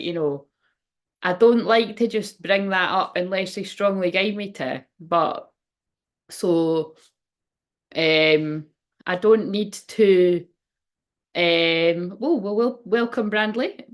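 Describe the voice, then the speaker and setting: A woman reading oracle cards on a casual livestream, chatty and rambling, often exclaiming and laughing at herself. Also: medium pitch. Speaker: tarot and oracle card reader hosting a livestream.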